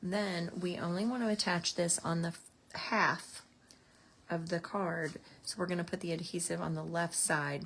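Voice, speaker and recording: Chatty craft teacher woman, gravelly low voice. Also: fairly even intonation, normal speed, fairly bright tone, slight background noise. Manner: chatty, explains each step while working. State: out of breath at times. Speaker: card-making class instructor. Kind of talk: casual craft tutorial.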